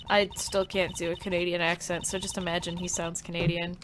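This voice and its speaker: A woman's voice: fairly low pitch, level tone, a little fast, a bit bright, a little hiss or hum. A woman giving casual let's-play commentary on a game, crude and joking. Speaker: game streamer. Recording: game music behind.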